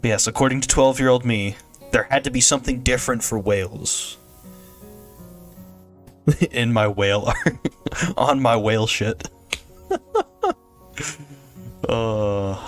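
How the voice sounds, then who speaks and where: A young man streams a game and chats loosely to viewers, wandering between jokes and laughing often. His voice sits at an ordinary middle pitch, with soft music faintly underneath. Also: takes it slowly, long pauses. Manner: rambling, jokey, laughs often. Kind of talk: casual gameplay stream chat.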